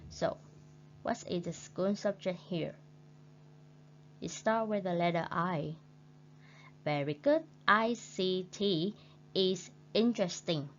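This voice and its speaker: A woman teaching English with a Vietnamese accent, speaking very slowly and patiently in a fairly low voice. She repeats each new word for her students. The recording sounds dull and lo-fi, with a faint hum underneath. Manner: slow, patient, repeats words for learners. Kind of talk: recorded classroom lesson.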